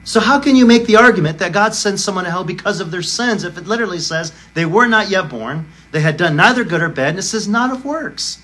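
A man preaching a sermon from the pulpit. His voice sits fairly high for a man. He argues emphatically, pressing his points with sharp rhetorical questions. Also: animated, fast talker, few pauses. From United States. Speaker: pastor.

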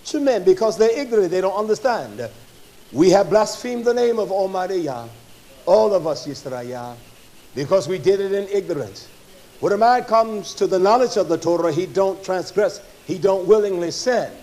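A man preaching a fervent sermon, swinging from loud, forceful passages to low, quiet stretches, with many filler sounds between phrases. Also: expressive, moderate pace. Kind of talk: fiery sermon.

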